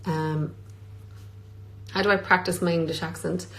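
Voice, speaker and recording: A woman with a slightly low voice, talking casually into her phone on a live stream. She reads out fans' questions and answers them with lots of "um"s along the way. She is an actress chatting easily from Scotland. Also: steady tone, a little slow, a bit bright, slight background noise, rough recording. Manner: reads questions aloud, many filler ums. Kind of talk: casual livestream Q&A. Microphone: phone on a social media live stream.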